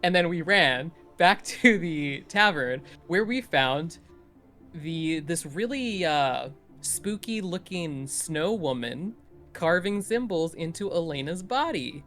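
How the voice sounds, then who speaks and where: Animated man recapping a tabletop game. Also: on the high side, takes it slowly, soft background music. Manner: animated storytelling, playful voices in quotes. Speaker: player giving a recap. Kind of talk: casual session recap.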